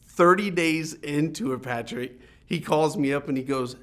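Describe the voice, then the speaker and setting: A man telling his career story in a casual interview. He is animated and laughs often. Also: fairly high pitch, normal speed. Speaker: interview guest, businessman.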